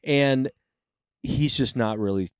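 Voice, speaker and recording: A man's voice: medium pitch, slow, smooth, no room sound, studio quality. A man in his forties hosting a podcast, telling stories in casual chat with swearing and acted-out quotes. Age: 40s. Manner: animated, swearing, acts out quotes. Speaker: podcast host.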